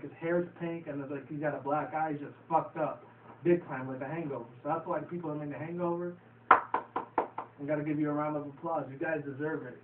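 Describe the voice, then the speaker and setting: A man's voice: on the high side, a little hiss or hum. A young man recapping a comedy movie in a loose, profane, rambling way. He laughs at his own retelling. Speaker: vlogger reviewing a movie. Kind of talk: casual rambling movie review. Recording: echoey phone-quality audio from a distance.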